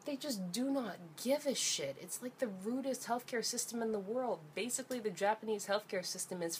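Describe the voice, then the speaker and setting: A woman's voice: on the high side, normal speed, hardly any pauses, slight background noise. A young woman, ranting angrily and sarcastically in a vlog, swearing freely. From Canada. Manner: angry, profane, sarcastic. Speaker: vlogger.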